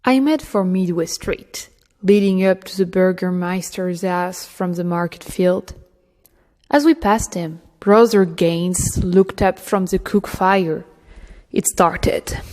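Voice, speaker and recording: A woman narrates an audiobook in a slow, deliberate way, her voice sitting a little low. A long reverb from the room trails after each phrase. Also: darkish tone. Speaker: audiobook reader.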